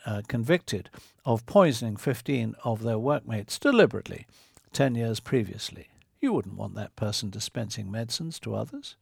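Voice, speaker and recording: A man's voice: medium pitch, creaky, husky, dry recording, studio quality. A man preaching a sermon, earnest and driving his point home with vivid hypothetical scenarios.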